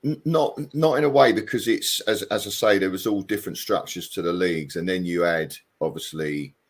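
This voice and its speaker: A middle-aged man from England, a former footballer chatting in an interview, hesitant and self-deprecating with many pauses and ums. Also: sits low, slightly rough. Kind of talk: casual interview chat.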